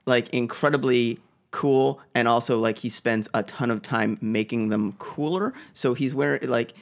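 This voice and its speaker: Podcast co-host, man from Boston, gravelly voice, hesitant rambling storyteller. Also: mid-range voice, normal speed. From Boston, USA. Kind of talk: casual chat, rambling storytelling.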